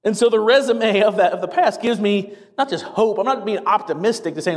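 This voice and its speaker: A man preaching as pastor, energetic and quick, with wry asides, getting a little out of breath as he gets excited. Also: sits high, big-room sound. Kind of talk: sermon.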